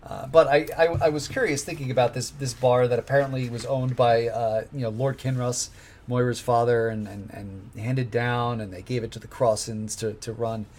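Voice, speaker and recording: A man's voice: medium pitch, fairly even intonation, normal speed, darkish tone, slight background noise. A man co-hosting a podcast in casual chat, rambling with wry asides and frequent restarts. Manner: rambling, wry, self-interrupting. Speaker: podcast co-host.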